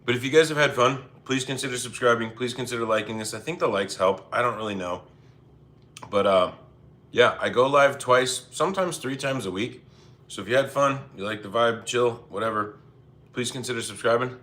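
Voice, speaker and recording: Bright-voiced man hosting a cooking stream. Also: medium pitch, brisk. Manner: chatty, laid-back, apologetic asides, reads chat. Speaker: cooking livestream host. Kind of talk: casual cooking livestream chat. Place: home kitchen.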